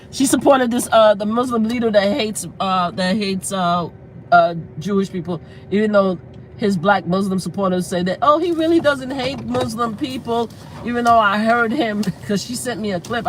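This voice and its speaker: A woman's voice: mid-range voice, slight background noise, rough recording. Outspoken woman on a casual livestream. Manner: outspoken and animated, swears freely; breaks into laughter while storytelling. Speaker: livestream host. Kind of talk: casual live-stream talk.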